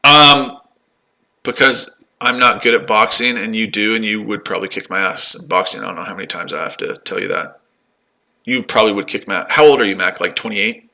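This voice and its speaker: A man's voice: lowish voice, a little fast, gravelly, sharp tone. A man in his forties talking casually on a livestream, combative and taunting, repeating himself. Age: 40s. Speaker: livestream host.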